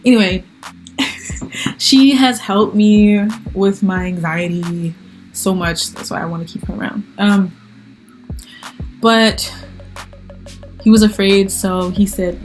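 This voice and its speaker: A young woman vlogging, retelling a conflict with her roommate in an animated, exasperated way and acting out the quoted lines. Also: mid-range voice, moderate pace, long pauses, soft background music. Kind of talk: storytelling to camera.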